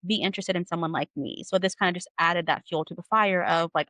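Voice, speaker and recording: A woman's voice: on the low side, fast talker, hardly any pauses, bright, forceful tone, dry recording, low-quality recording. A woman hosting a podcast, recapping a novel in an analytical way with many "like" and "you know" fillers. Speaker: podcast host. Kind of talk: book recap discussion.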